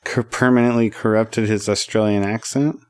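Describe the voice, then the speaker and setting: A man with a lowish voice chatting on a podcast. He delivers wry, dry jokes in an easy, casual way. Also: flat delivery, moderate pace, clear, resonant tone. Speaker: podcast co-host. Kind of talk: casual chat.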